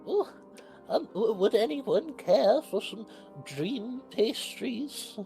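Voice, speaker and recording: A woman voicing a nervous, hunched old female pie peddler who stammers in a high, sweet voice. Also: animated, slow pace, mellow, faint music behind. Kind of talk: tabletop role-play.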